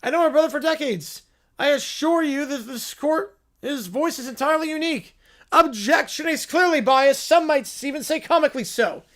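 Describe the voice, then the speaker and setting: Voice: high voice, moderate pace, a bit bright. A reader doing a prissy snob brother. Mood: disdainful. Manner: prissy, condescending. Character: snobbish, fastidious adult male brother.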